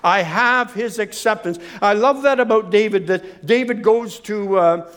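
A male preacher giving a sermon, emphatic and animated, telling humorous stories and repeating phrases. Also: high voice, unhurried, clean tone.

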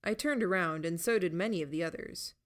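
A woman narrating a first-person audiobook in an unhurried, steady storytelling manner. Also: lowish voice.

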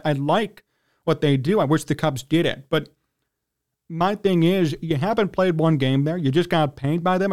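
High-pitched indignant man ranting on sports. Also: darkish tone. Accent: Chicago. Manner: indignant, ranting, pitch jumps when worked up. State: clearing his throat, worked up. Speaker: sports talk radio host. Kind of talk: heated sports talk rant.

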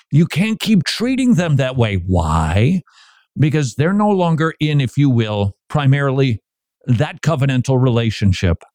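A man hosting a Christian radio talk show, giving commentary and acting out parents in quick quoted asides. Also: mid-range voice, darkish tone, dry recording, studio quality.

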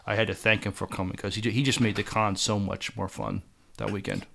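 A man co-hosting a podcast, talking casually and haltingly, with many fillers. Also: on the low side, creaky, fairly bright tone. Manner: halting, hesitant. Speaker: podcast co-host. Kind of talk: casual chat.

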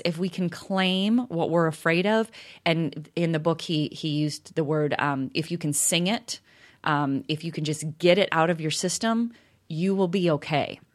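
A middle-aged woman with a low voice co-hosts a relaxed podcast. She talks in an earnest, reflective way, often stopping to restart a sentence as she works out her point. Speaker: podcast co-host. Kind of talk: casual conversation.

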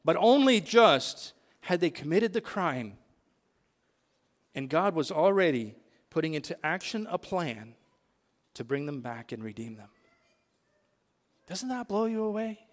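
A man's voice: on the high side, very animated, a little slow, long pauses, big-room sound. A male pastor preaching a sermon, asking the congregation questions and building emphatic lists.

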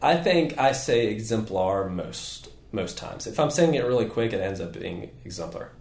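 A man who owns a physical therapy clinic, talking as a guest in a casual podcast interview, energetic and rambling with many fillers and restarts. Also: mid-range voice, moderate pace, reverberant, a little hiss or hum.

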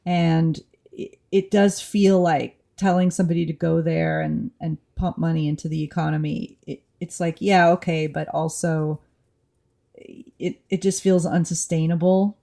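Woman from new orleans, low voice, gravelly fry, casual podcast co-host, candid, halting restarts. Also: flat delivery, dark tone. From New Orleans, USA. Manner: candid, thinks aloud with frequent restarts.

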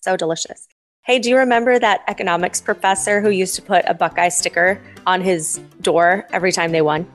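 A woman's voice: on the low side, steady tone, brisk, faint music behind. A woman co-hosting a podcast in a casual, chatty way, easily amused. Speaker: podcast co-host. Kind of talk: casual chat.

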